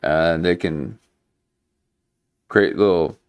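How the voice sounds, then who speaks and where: A man's voice: deep voice, very slow, clean tone. A man hosting a livestream, rambling through loose, joking commentary with many restarts. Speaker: livestream host. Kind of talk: casual conspiracy commentary.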